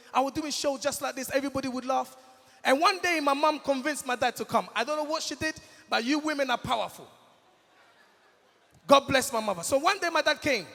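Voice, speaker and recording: High-voiced, gravelly stand-up comedian. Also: male voice. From Congo. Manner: animated, addresses the crowd directly. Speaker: comedian host. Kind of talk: stand-up storytelling at a live event. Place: large event hall, on stage. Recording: long hall reverb.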